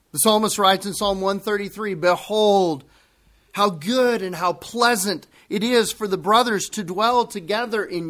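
A male pastor preaching a sermon to his congregation, emphatic and deliberate, repeating key phrases for weight. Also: high-pitched, a bit bright.

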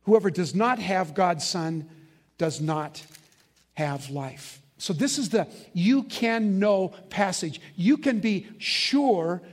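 A man with a notably high voice delivers a sermon as pastor. He is emphatic and slows down to press on the key words. He often poses questions for the congregation to answer aloud. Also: animated. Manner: asks the congregation to fill in answers.

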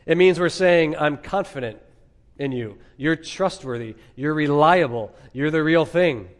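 A man preaching an expository sermon as pastor, emphatic, with dramatic pauses and rhetorical questions. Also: fairly high pitch.

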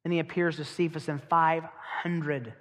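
Emphatic preacher in a reverberant hall. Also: male voice, on the high side, fairly even intonation, fairly bright tone. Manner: emphatic, rhetorical questions, slows down on key phrases. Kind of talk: sermon.

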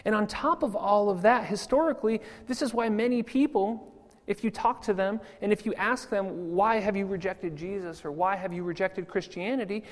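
A man preaching a sermon in a church, lively and quick to laugh at his own jokes. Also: high voice. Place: church sanctuary. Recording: long church hall reverb.

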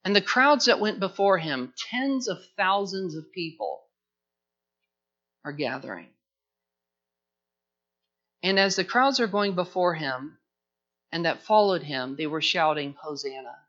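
High, bright-voiced preaching man. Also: lively intonation, unhurried, pauses often, highs cut off. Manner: earnest, emphatic preaching with repeated phrases. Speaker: pastor. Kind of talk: sermon.

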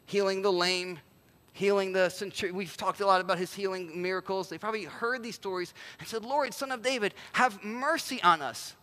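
Pastor, male, bright high voice, animated sermon delivery with hushed moments, church hall reverb. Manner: animated preaching, voices quoted figures, drops to near-whisper for emphasis.

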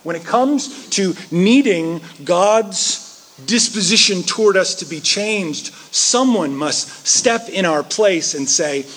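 A man preaching a sermon, animated and conversational, acting out quoted voices to make his points. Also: sits high, slow. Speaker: pastor.

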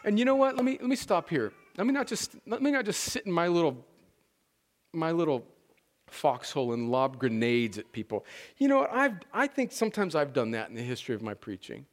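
High-voiced pastor preaching conversationally. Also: male voice, sing-song, fairly quick. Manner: conversational, emphatic, with frequent restarts. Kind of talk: sermon.

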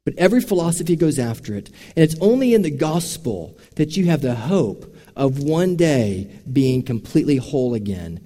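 A man's voice: mid-range voice, big pitch swings, moderate pace, hardly any pauses, mellow. A man preaching a sermon, telling stories in an earnest, direct way from a church sanctuary. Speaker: pastor. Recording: long reverb of a large hall.

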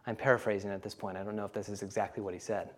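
A man preaching a sermon earnestly, often pausing with "uh" between points. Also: on the low side, flat delivery. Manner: earnest preaching with many uh fillers. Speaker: pastor.

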